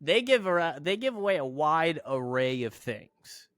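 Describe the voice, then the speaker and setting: Jokey, swearing man with an animated voice. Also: fairly high pitch, unhurried, no echo, studio quality. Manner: profane, jokey, laughs often. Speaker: podcast co-host. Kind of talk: casual chat.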